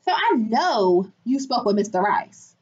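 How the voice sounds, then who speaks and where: A woman vents in a casual vlog recorded inside her clinic. She sounds indignant and animated, slipping into the voices of the people she quotes, her voice sitting a little high. The recording is dull and lo-fi, as if the highs were cut off. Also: a little slow. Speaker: business owner and healer. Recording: muffled lo-fi sound.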